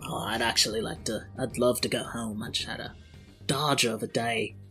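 A man's voice: mid-range voice, level tone, moderate pace, fairly bright tone, faint music behind, natural voice. A man voicing a brash male British office worker in improvised role-play, his put-on British accent drifting between regions. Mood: mock-mournful. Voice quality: loose, wandering put-on accent.

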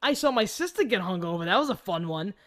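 A woman hosting a casual podcast who tells stories in an animated way and swears a lot. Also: mid-range voice, fast. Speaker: podcast host. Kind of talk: casual chat.

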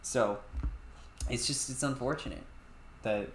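A man's voice: mid-range voice, unhurried. A man co-hosting a podcast, casually chatting and animatedly retelling film scenes. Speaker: podcast co-host. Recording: echoey room.

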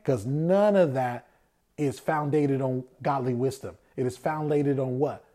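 A man's voice: mid-range voice, slow pace, dark tone. A man giving a conversational sermon. He often asks rhetorical questions and answers them himself, and he acts out the voices of people he quotes.

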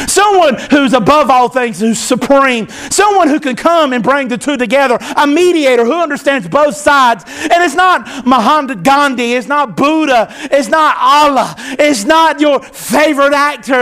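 A man preaching a sermon as pastor, animated, swinging from loud to soft. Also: extremely high pitch.

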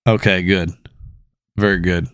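A man's voice: low-pitched, little pitch movement, a little slow, a bit bright, clean tone, dry recording, studio quality. A man co-hosting a casual podcast, rambling along and poking fun at himself. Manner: rambling, self-mocking. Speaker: podcast co-host. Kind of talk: casual chat.

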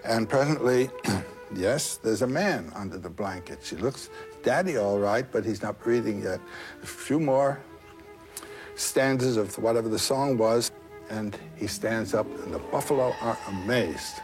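A man retelling a folk tale in an interview, animated and digressive, with a scholarly turn. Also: fairly low pitch, measured pace, faint music behind. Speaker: guest storyteller.

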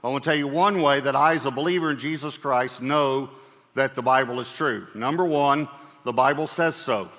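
A man preaching a sermon as pastor, talking in a relaxed conversational way with fillers and repeated phrases. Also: medium pitch, moderate pace. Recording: reverberant church hall.

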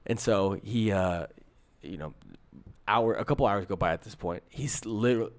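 Animated man telling a story. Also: lowish voice, moderate pace. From San Francisco area. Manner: animated storyteller, acts out quotes, many restarts. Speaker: podcast co-host. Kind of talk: casual storytelling chat.

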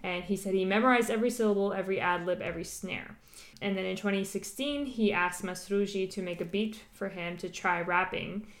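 A woman's voice: mid-range voice, fairly quick. A woman hosting a podcast, chatting casually and explaining a topic with lots of fillers and asides. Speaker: podcast host.

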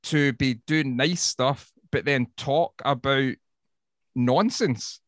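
A man's voice: medium pitch, slow pace, no room sound, studio quality. A Scottish man, a woodworker, talking bluntly and swearing a lot in a casual podcast chat. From Scotland. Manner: sweary, blunt, animated storytelling. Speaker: woodworker guest.

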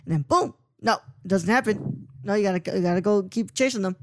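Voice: medium pitch, brisk, no echo, studio quality. A podcaster chatting about a film, rambling and often stopping to search for words. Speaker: podcast co-host. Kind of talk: casual podcast film chat.

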